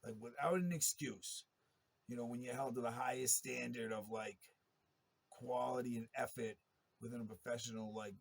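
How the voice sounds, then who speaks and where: A man's voice: medium pitch, steady tone, moderate pace, creaky, husky. A man in a long, rambling monologue, talking in a profane and agitated way. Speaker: interviewee telling his story.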